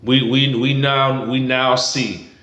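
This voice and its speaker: A man's voice: mid-range voice, little pitch movement, slow, fairly bright tone, echoey room, muffled recording. Heated man ranting to camera. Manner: heated, blunt, profane, repetitive. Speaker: political commentary vlogger.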